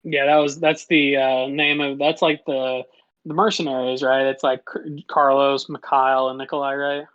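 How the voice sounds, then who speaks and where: A podcast co-host who chats casually, agrees readily and laughs often, stumbling over words and starting sentences again. The voice sits at a middle pitch. The recording is dry and a little dull. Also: flat delivery, normal speed, fairly bright tone, dry recording. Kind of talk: casual chat.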